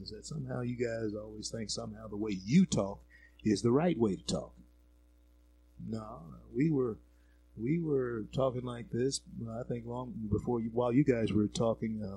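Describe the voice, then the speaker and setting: A man's voice: mid-range voice, warm tone, slight background noise, low-quality recording. A man from the American South with a Louisiana Southern accent, hosting a talk radio show in an earnest, repetitive monologue with many fillers. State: grieving.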